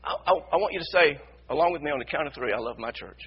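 A man preaching a sermon as pastor, repeating his phrases and building to loud emphasis. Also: mid-range voice, lively intonation, fast talker, highs cut off, a little hiss or hum. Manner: repetitive, builds to shouted emphasis. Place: church sanctuary.

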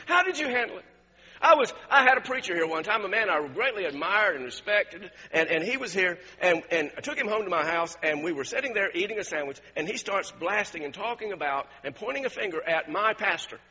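A man preaching a sermon as a pastor, swinging from fervent shouting to soft, low prayer. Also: lively intonation, a little fast, husky. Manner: impassioned, shouting at peaks, dropping soft in prayer. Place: church sanctuary. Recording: dull lo-fi recording in a reverberant hall.

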